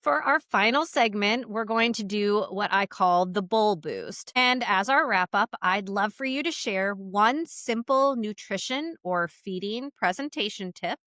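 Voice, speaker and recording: Bright-voiced woman podcast host. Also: medium pitch, animated, unhurried, hardly any pauses, no room sound, studio quality. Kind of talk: podcast interview questions.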